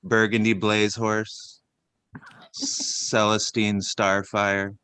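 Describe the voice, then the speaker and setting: A man co-hosting a casual comedy chat, rambling and deadpan as he reads out a long list of silly names with lots of fillers. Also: on the low side, extremely slow, clean tone, dry recording. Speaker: comedy podcast co-host.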